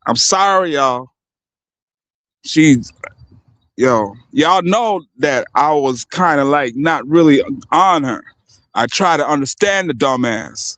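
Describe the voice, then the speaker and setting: A man's voice: fairly high pitch, lively intonation, takes it slowly, a bit bright, dry recording. A man hosting a livestream, ranting in a heated, profane way and breaking off often to apologize to his viewers. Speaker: livestream host. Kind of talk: unscripted livestream rant.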